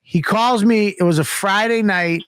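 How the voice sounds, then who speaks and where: A man's voice: high-pitched, normal speed, a bit bright, clean tone, no room sound. A man co-hosting a radio show, telling a story animatedly and acting out the quotes with lots of swearing. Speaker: comedian co-host. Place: radio studio. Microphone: studio microphone.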